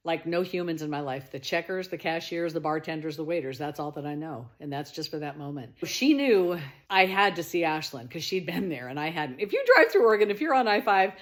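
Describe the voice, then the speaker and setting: A middle-aged woman narrating her life story as a casual monologue. Her voice leaps up into sharp exclaimed quotes and sinks into quiet low asides. She laughs easily while she tells it. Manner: animated, swings to high exclaimed quotes and drops to low murmurs.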